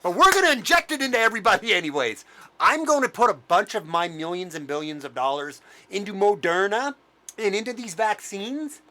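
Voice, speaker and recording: A man's voice: high voice, bright, forceful tone, heavily acted. A man voicing a smug, scheming male official who gloats sarcastically.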